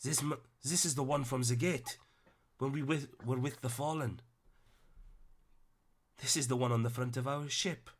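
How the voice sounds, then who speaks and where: A man's voice: medium pitch, fairly even intonation, normal speed, a little hiss or hum, pitched above the performer's own voice, natural voice. A man voicing a startled enemy warrior with a Welsh accent, speaking in an urgent, accusing way. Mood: alarmed.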